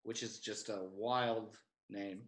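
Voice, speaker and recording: A man co-hosting a podcast, adding slow, laid-back remarks to the conversation. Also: on the low side, fairly even intonation. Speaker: podcast co-host. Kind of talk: casual chat.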